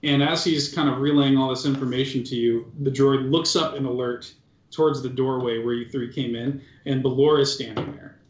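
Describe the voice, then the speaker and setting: A man's voice: medium pitch, fairly even intonation, moderate pace. A man narrating as game master of a tabletop game, in a casual, loose way with many fillers. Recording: dull, roomy recording.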